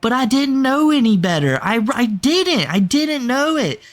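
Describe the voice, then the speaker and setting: Man voicing a high, pleading, petulant whiner. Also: very animated, a little slow, heavily acted. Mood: whiny. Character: whiny demanding young man who fakes helplessness.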